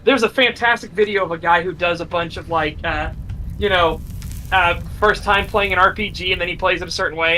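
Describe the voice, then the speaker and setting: A male streamer with a high, bright voice, talking in an excitable, casual way and swearing freely. Faint room ambience hums behind him. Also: slight background noise, low-quality recording. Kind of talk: casual gaming chat.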